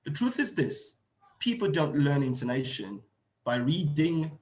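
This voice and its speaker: A middle-aged man leads an online teacher-training seminar, going slowly, rephrasing points and using fillers. His voice sits on the high side, a little mellow, with big pitch swings, and the room is reverberant.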